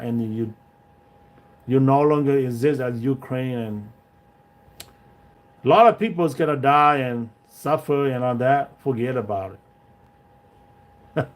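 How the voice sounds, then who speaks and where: A man hosting a livestream, giving his opinions in broken, non-native English, with many restarts and direct checks with his viewers. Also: mid-range voice. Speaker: livestream host. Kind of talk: casual opinion monologue.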